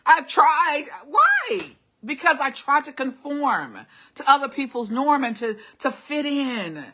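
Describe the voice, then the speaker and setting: Upbeat woman doing a live pep talk, bright ringing voice, says it over n over, laughs a lot. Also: high-pitched, expressive, a little slow. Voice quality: classically trained singer. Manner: encouraging, repeats short commands, laughs often. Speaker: host of a live motivational stream. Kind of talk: casual motivational talk reading live comments.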